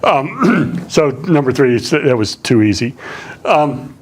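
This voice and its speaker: A man's voice: medium pitch, sing-song, slow, husky. A man with a slight Southern accent giving a public lecture as a linguistics professor. He talks conversationally, with many fillers and restarts.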